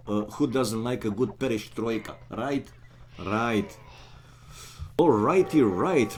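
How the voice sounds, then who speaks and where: A man who is not a native English speaker casting a live strategy game, excitable and chatty, with sudden bursts of exclamations and joking asides to viewers. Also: medium pitch, a little hiss or hum. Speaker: game caster.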